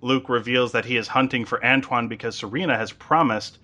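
A man's voice: mid-range voice, fairly even intonation, fairly quick, sharp tone. A man casually recapping a TV episode as a podcast host, chatty with lots of ums and uhs.

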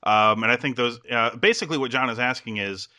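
A man's voice: mid-range voice, brisk, pushed and bright, no room sound. A man with a Midwestern American accent hosting a casual podcast, rambling with lots of fillers and restarts. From Midwestern United States. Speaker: podcast host.

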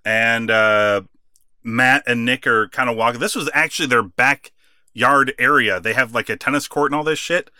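A man co-hosting a wrestling podcast, chatting casually, laughing often and acting out quotes with animated bursts. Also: medium pitch, moderate pace, smooth, dry recording, clean studio sound. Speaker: podcast co-host.

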